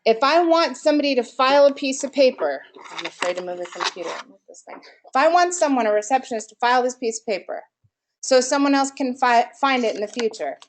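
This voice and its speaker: Fairly high-voiced woman running a marketing workshop, peppy, keeps throwing questions at the crowd. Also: quick pace. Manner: energetic, quizzes the audience. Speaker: marketing presenter. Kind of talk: live workshop presentation.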